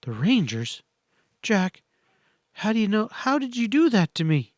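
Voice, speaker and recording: Reading a western audiobook, a man voices an earnest, desperate young frontier woman, pleading and breathless. He pitches his voice high, above his natural range, with big pitch swings at an unhurried pace, in studio-quality sound with no echo.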